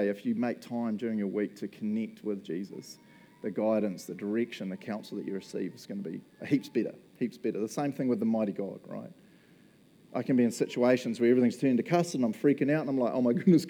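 Mellow-voiced New pastor, chatty and jokey. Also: male voice, lowish voice. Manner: chatty and jokey, laughs often, acts out little quoted voices. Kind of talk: casual conversational sermon.

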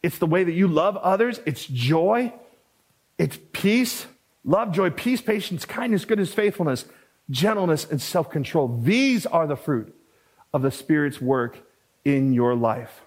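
A pastor delivers a sermon in a relaxed, conversational manner, with a somewhat higher male voice. He repeats key phrases for emphasis and drifts into quick asides before returning to his point.

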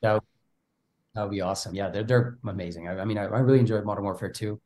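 A man's voice: fairly low pitch, steady tone, quick pace, darkish tone. A man from Bulgaria, an actor giving an interview in casual conversation, speaking animatedly and often repeating words as he starts his thoughts. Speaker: actor guest.

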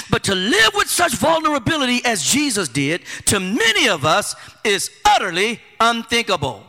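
Pastor man preaching, high lively voice, really bright, long echo from a big church. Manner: animated preaching with rhetorical repetition and colloquial asides. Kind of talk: sermon.

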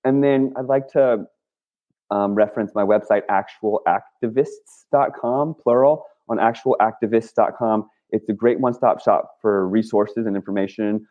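Male guest, low-pitched, rambling and filler-heavy, heard through a thin phone-like line. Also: steady tone, moderate pace. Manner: rambling, with many fillers and restarts. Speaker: guest, activist and clothing maker. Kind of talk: casual interview talk. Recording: tinny phone-line sound.

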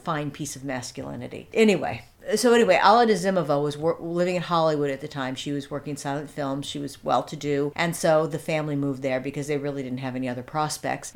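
A woman with a low voice is an interview guest telling a story in casual conversation. She rambles, restarts her sentences, throws in asides, and at times becomes animated and amused.

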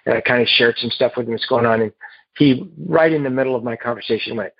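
A man telling his recovery story to a meeting in a halting, earnest way, heard over a phone. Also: medium pitch, fairly even intonation, slightly rough, dry recording. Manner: halting and earnest, with repeated restarts. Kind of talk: personal recovery story told to a group. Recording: muffled phone line.

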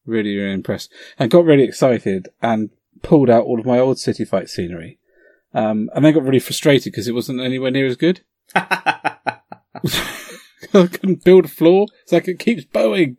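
Casting: excitable man, podcast co-host, dry close sound. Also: medium pitch, normal speed, no echo. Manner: enthusiastic, rambling with fillers. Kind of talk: casual chat.

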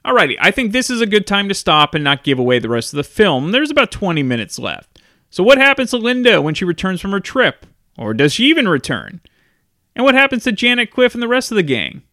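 A chatty man goes through a film's scenes in a casual review, chuckling often. His voice is bright, a little higher than most, and the recording is dry and close. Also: sing-song, brisk, no echo. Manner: chatty, laughs often while recapping. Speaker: film reviewer.

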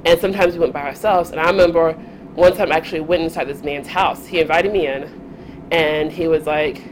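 A young woman telling stories in a casual chat, animated, often laughing and acting out the voices of the people she quotes. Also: sits low, fairly quick. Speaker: podcast guest. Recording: faint background noise.

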